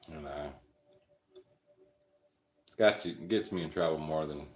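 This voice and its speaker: Very deep-voiced man rambling crudely. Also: measured pace, a little mellow, roomy sound. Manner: rambling, crude jokey humor, chuckles often. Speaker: live stream host. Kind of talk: casual storytelling chat.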